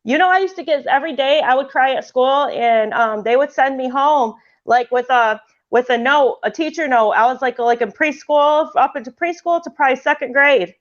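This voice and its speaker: A woman with a fairly high voice chats casually about spiritual matters, rambling and restarting her sentences as she goes. The sound is muffled and lo-fi. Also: moderate pace, hardly any pauses. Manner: rambling, many restarts, laughs often. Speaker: podcast host.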